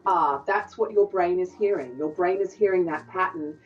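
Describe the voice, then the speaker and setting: A woman's voice: lowish voice, normal speed. A woman dialect coach answering interview questions in a thoughtful, hedging way. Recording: dull, distant interview audio.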